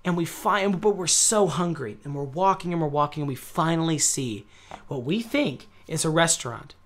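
Young male podcast host, American, rowdy storyteller who yells and laughs. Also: on the high side, moderate pace. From United States. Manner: animated, yelling and laughing through a story. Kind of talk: casual storytelling.

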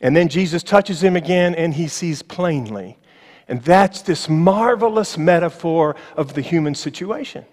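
Male pastor, sermon in a church sanctuary; higher voice, emphatic and slow on key lines, wry asides, long reverb. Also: expressive, darkish tone. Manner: emphatic, slowing on key phrases, with ironic asides.

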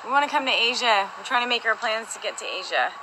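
A woman chatting casually with her partner on a livestream from home, bubbly and quick to laugh. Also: on the high side, noisy background. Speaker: co-host of a livestream. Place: their home.

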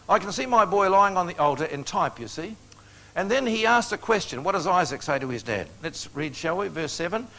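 An older man delivers a storytelling sermon. His voice sits a little high for a man. He talks in a homely, joking way and chuckles at his own tales. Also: animated, brisk, a bit bright. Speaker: preacher.

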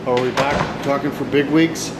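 A man's voice: mid-range voice, steady tone, moderate pace, very noisy. Profane rowdy man. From Canada. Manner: profane, rowdy banter with loud outbursts. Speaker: vlogger. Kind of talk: casual vlog chat.

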